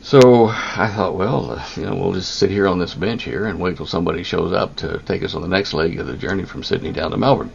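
An older man with a very deep, heavily gravelly voice, recounting a personal story in a halting way full of ums and restarts. The recording sounds somewhat dull and lo-fi, with a faint hiss of background noise. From United States. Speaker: interviewee.

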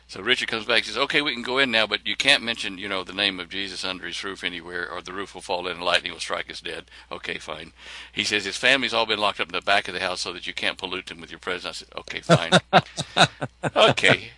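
A man telling a personal story in a lively way, acting out the lines of the people in it. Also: sits low, quick pace, hardly any pauses, dry recording. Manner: animated, acts out other people's lines.

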